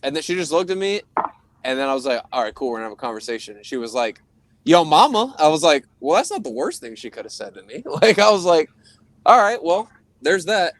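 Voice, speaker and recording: Young man, podcast co-host, casual chat, rambling profane storytelling, mid-pitched voice. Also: sing-song, fast talker, slight background noise.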